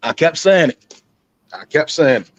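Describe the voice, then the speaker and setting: Male co-host, slightly high voice, off-mic and dry. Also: big pitch swings, measured pace, no echo, muffled recording. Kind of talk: casual chat.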